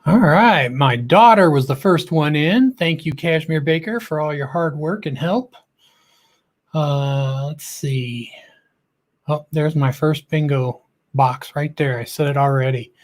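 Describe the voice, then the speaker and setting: A talkative middle-aged man runs a casual livestream, greeting each viewer by name as it comes up. His voice sits a touch higher than most men's, and his delivery stays loose, goofy and friendly in tone. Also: a little slow. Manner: chatty, calls out viewers' names with a lift; joking and goofy. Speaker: livestream host.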